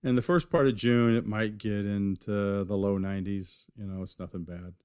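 Low-voiced man telling rambling stories. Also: steady tone, normal speed, a little mellow, clear, resonant tone, no room sound, clean studio sound. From California, USA. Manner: rambling, with many restarts and fillers. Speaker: knifemaker guest. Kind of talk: casual interview storytelling.

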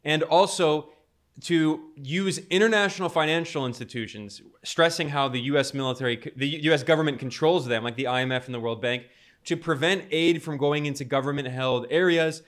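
A man delivers political commentary with an emphatic, indignant edge. His voice sits a little high, and he leans hard on the words he wants to stress. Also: moderate pace, fairly bright tone.

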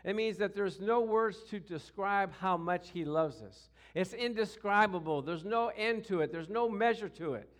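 A man preaching a sermon as pastor, lively and calling for responses from the congregation. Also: high voice, normal speed, hardly any pauses.

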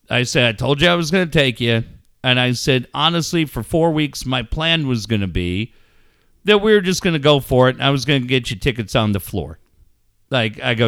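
A middle-aged man hosting a podcast, telling a story in casual, profane talk that rises into shouting. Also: mid-range voice, smooth, dry recording, studio quality. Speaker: podcast host.

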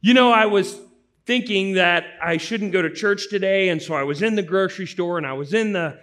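A man voicing an excitable churchgoing woman who talks loudly and rambles without pause. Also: high voice, voice pushed up. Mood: excited. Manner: loud, breathless, rambling.

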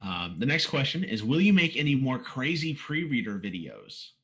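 A man's voice: mid-range voice, normal speed. A man hosting a casual podcast interview, reading out listener questions and teasing his guest. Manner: relaxed, reads out listener questions and teases. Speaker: podcast host.

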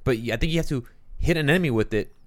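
A man co-hosting a casual podcast chat, easygoing and chatty, quick to joke along. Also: medium pitch, no room sound. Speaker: podcast co-host.

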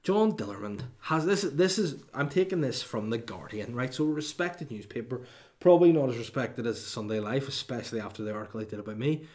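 A man's voice: medium pitch, lively intonation, fairly quick, darkish tone. A man, hosting a comedy podcast in a rambling, sweary monologue with mock outrage and lots of restarts.

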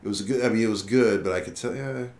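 Quick-paced and on the low side, this musician's voice carries a roomy sound as he relates a long story in an informal interview. The telling is animated and full of profanity, with others' words acted out.

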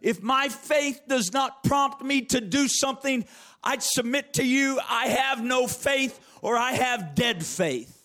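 Man, preacher, high-pitched voice, emphatic, repeats phrases, reads scripture, sermon. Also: animated, pushed and bright. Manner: emphatic, repeats key phrases, drawn-out stresses.

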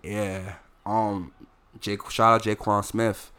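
A young man, a poet talking casually as a podcast guest, animated and swinging between loud laughing bursts and low quiet storytelling. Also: slow pace, clear, resonant tone. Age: young adult. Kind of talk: casual conversation.

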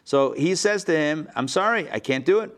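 A rabbi teaching a live class, reading a text aloud and explaining it in a lively, playful way, acting out the quotes. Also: male voice, a little high, moderate pace. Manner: lively, acts out the quotes with playful modern paraphrase.

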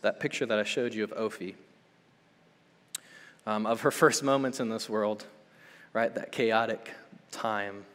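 A young adult male pastor preaching a sermon, swinging between loud urgent build-ups and hushed soft passages, checking in with "okay?" and "right?". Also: fairly low pitch, steady tone, unhurried, pauses often, long reverb tail. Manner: conversational, with frequent "okay?" and "right?" check-ins.

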